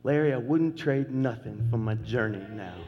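A man's voice: mid-range voice, normal speed, big-room sound, lo-fi sound. A middle-aged man preaching a sermon as pastor, folksy and joking, repeating phrases for emphasis.

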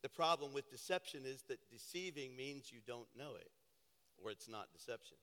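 A pastor preaching a sermon, building to impassioned, shouted declarations in a church sanctuary. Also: male voice, mid-range voice, lively intonation, moderate pace. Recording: reverberant church hall with piano.

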